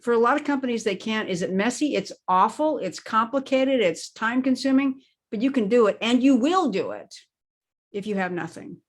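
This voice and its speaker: A woman's voice: a little high, animated, normal speed. A woman speaking as an expert interview guest, explaining her points in an emphatic conversational way and leaning on key words. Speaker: guest expert on crisis planning.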